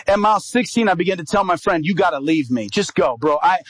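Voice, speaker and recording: A middle-aged male evangelist tells a story from the pulpit, slipping into the voices of the people in it. His voice sits a little high for a man. The sound is dry and close, with no room echo. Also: fast. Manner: animated storyteller, acts out quoted dialogue. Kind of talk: sermon storytelling.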